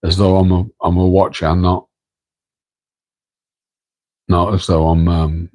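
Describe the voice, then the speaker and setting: Low, flat-voiced Midlands man. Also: slow, poor audio. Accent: English Midlands. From English Midlands. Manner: rambling, self-deprecating, chatting to viewers in chat; keeping his voice down so as not to wake his partner. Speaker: live stream host. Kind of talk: casual late-night live stream chat. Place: home, room next to an aquarium tank. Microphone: microphone on a tripod.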